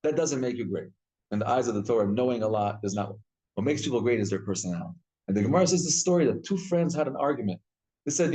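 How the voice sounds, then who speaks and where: Man teaching an animated Torah class. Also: mid-range voice, fast talker, low-quality recording. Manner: animated storytelling, often repeats and restarts words. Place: synagogue study hall.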